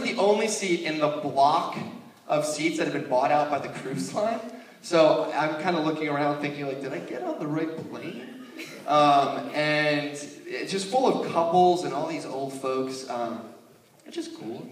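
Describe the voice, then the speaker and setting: A young man telling a stand-up story on stage, animated and laughing at his own tale. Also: a little high, unhurried. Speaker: stand-up comedian. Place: stage in a hall with an audience. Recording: echoey, distant, noisy hall.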